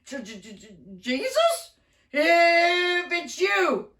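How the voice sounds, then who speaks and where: A woman's voice: fairly low pitch, animated, measured pace, darkish tone, voice pushed down. Woman doing a stammering frightened fisherman. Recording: roomy echo, distant mic, faint noise.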